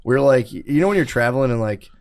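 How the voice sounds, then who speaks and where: A man's voice: mid-range voice, expressive, fast, a little mellow. A man in his thirties, a podcast co-host, telling a profane, rambling comedic story and laughing at himself.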